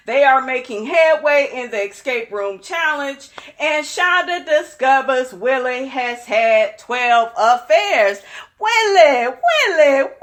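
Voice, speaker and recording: A young woman with a high voice hosts a reality show recap. She talks casually and sassily, full of strong opinions, and keeps calling her viewers "honey.". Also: a bit bright. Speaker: recap channel host.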